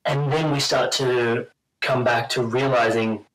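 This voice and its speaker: A man's voice: medium pitch, fairly even intonation, measured pace, fairly bright tone, slight background noise, low-quality recording. A man hosting a podcast interview, asking thoughtful questions and laughing easily. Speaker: podcast host. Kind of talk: casual conversational interview.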